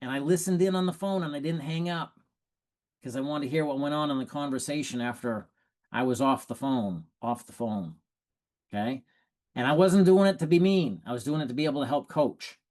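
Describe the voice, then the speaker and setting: A man giving sales coaching tips in a lively, animated way, acting out prospects' lines and laughing at his own stories. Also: medium pitch, fairly quick. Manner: animated, acts out prospects and quotes. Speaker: sales trainer. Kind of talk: coaching talk.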